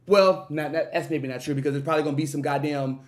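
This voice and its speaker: A man hosting a music reaction from his room at home, excitable and crude, breaking into loud bursts and laughter. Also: on the high side, fast. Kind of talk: animated reaction commentary.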